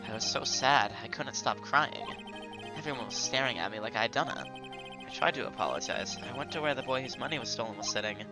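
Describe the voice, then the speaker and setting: A man voicing an earnest young male defense attorney who tells his past in a soft, wistful way. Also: medium pitch, animated, a little fast, over music, lightly acted.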